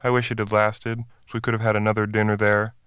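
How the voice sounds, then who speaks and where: A man voicing a calm plainclothes officer. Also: fairly low pitch, fast, clear, resonant tone, dry recording, clean studio sound, natural voice.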